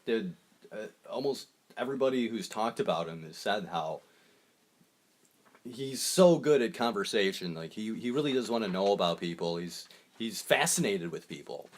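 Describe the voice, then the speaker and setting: A man's voice: fairly low pitch, expressive, moderate pace. A man hosting a casual podcast chat, telling stories animatedly and acting out what people said. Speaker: podcast host.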